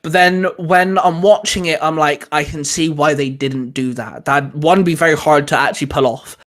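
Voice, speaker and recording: A podcast host talks in a loose, rambling way, full of filler words. His voice sits a little high for a man and stays flat, with little rise and fall. He keeps the chat casual throughout. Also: normal speed.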